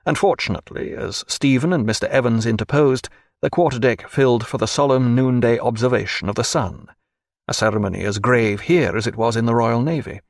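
A man narrating a novel as an audiobook, expressive and varied. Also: mid-range voice, brisk, no echo, clean studio sound.

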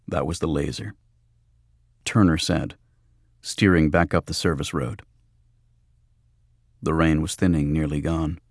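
A man narrating an audiobook in a measured, even storytelling manner. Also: rumbling low, dry recording, clean studio sound. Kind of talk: scripted narration.

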